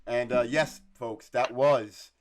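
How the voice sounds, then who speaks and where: A man co-hosting a podcast, telling stories in an animated way, swearing freely and laughing often. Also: medium pitch, slow, a little hiss or hum. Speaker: podcast co-host. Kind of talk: casual podcast chat.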